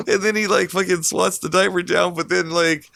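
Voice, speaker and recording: A man's voice: sits high, steady tone, normal speed, creaky, bright, forceful tone, no echo, clean studio sound. A man, a podcast co-host, telling a story in casual chat, cursing often and chuckling as he goes.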